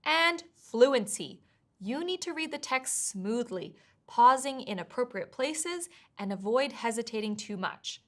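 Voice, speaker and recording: A woman explaining exam tasks as a test prep teacher in clear, measured scripted narration. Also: a little high, expressive.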